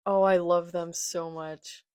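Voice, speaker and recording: A woman reading a manga live and reacting, excitable and gushing, with gasps and exclamations, reading character lines aloud plainly. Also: lowish voice, slow, smooth, dry recording, clean studio sound. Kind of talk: live read-along reaction.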